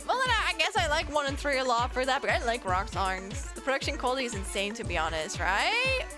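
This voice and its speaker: A woman's voice: sits high, sing-song, a little fast. Giggly German woman streamer, music behind. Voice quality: giggly, self-deprecating banter with chat. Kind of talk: casual stream chat. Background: game music.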